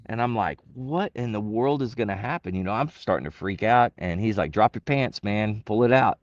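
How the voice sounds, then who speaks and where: A middle-aged man, a retired Marine, casually telling stories and acting out the voices of the people in them, with sudden jumps in pitch and laughter. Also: normal speed, dry recording, lo-fi sound. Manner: animated, acts out quotes with big pitch jumps and laughs. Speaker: interview guest, retired Marine. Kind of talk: casual storytelling.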